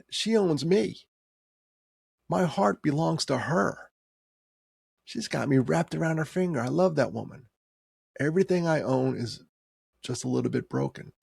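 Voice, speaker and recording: A man's voice: a little high, vocal fry, darkish tone, husky, no echo, clean studio sound. A man in his sixties telling a personal story in a heartfelt, conversational way, with rising emphasis. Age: 60s. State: tearing up.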